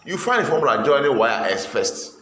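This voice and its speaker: A man's voice: medium pitch, big pitch swings, fairly quick, fairly bright tone, roomy sound, slight background noise. A man tutoring a pupil in math, sternly repeating questions and pressing for answers.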